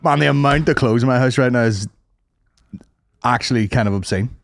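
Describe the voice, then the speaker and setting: A man's voice: medium pitch, brisk, creaky. A man, co-hosting a podcast and telling casual, sweary, laughing stories. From Northern Ireland. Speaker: podcast co-host. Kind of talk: casual chat.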